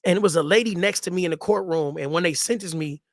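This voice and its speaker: A man with a high-pitched voice tells a story from his own life in relaxed street slang. He circles back and repeats lines for emphasis. The sound is dry and close, with no room echo. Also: fast. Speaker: host telling his story. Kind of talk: casual storytelling.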